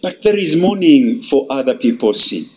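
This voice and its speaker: A man preaching a sermon, emphatic and dramatic, swinging between loud and hushed. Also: medium pitch, very animated, moderate pace.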